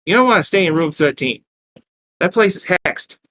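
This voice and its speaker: A man voicing a brash young barmaid with a Brooklyn accent, a high and blunt put-on voice in a read-aloud story. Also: lively intonation, normal speed, a bit bright. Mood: chatty.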